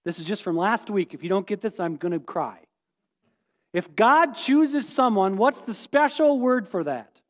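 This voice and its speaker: Sex: man. Role: pastor. Style: sermon. Pitch: very high for a man. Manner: animated, playful, questioning the congregation. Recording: echoey hall reverb. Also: measured pace. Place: church sanctuary.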